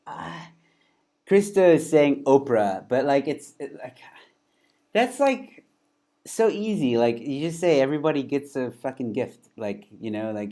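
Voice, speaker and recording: A man's voice: mid-range voice, animated, unhurried, mellow. A man hosting a comedy show, reading viewer suggestions and laughing a lot. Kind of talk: casual comedy chat.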